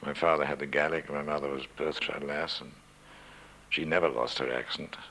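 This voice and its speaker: Deep gravelly older man reminiscing. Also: steady tone, bright, forceful tone, slight background noise, rough recording. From Scotland, raised in England. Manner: measured, wry, self-deprecating. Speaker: interviewee, former radio newsreader. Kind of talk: reminiscing interview. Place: at home.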